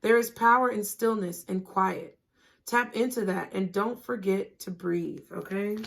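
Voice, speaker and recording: A woman giving a tarot reading, talking gently and reassuringly and often checking in with "okay?". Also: mid-range voice, fairly even intonation, unhurried, creaky. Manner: casual, laughing and swearing at times. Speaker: tarot reader.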